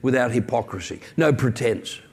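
A man's voice: mid-range voice, moderate pace, creaky, husky. A man preaching a sermon as pastor, earnest and emphatic, with conversational asides.

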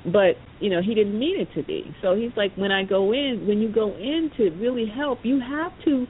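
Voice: mid-range voice, animated, normal speed, a little hiss or hum. Rambling storyteller on a tinny phone line. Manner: rambling, full of "you know" asides. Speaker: podcast speaker. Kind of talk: casual storytelling.

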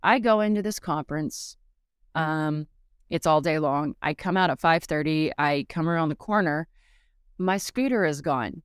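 A woman hosting a personal podcast, telling a story in a lively way and acting out what each person said. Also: low-pitched, normal speed, smooth, no echo, clean studio sound. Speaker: podcast host.

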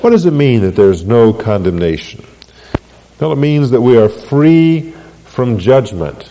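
Male preacher, deliberate teaching sermon with rhetorical questions, hall reverb. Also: mid-range voice, big pitch swings, dark tone, slight background noise. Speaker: pastor.

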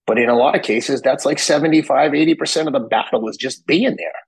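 A man's voice: a little high, quick pace, gravelly, slightly rough, no room sound, poor audio. A man in his fifties from Boston, a guest telling stories with swearing, acting out both sides of his conversations. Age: 50s. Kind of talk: animated storytelling.

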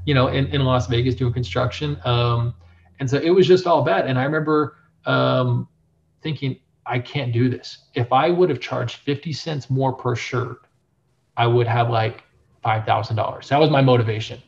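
A young adult man, a print shop owner, telling his story in a casual interview, animated and full of filler phrases. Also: mid-range voice, moderate pace, creaky. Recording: dull lo-fi sound.

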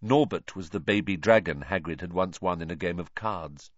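A man reading a novel aloud as an audiobook narrator, in measured storytelling style. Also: low-pitched, no echo. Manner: measured storytelling, voicing each character. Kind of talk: scripted narration. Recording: dull, dry lo-fi recording.

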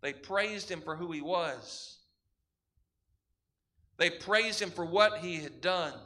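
High, bright-voiced male preacher. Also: slow pace. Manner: emphatic preaching with repeated parallel phrases. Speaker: pastor. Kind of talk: sermon.

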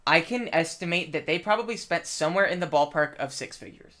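A man's voice: a little high, a little fast, pushed and bright. A man in casual chat, rambling with lots of filler words and swearing while telling a story from a film set. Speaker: film crew member.

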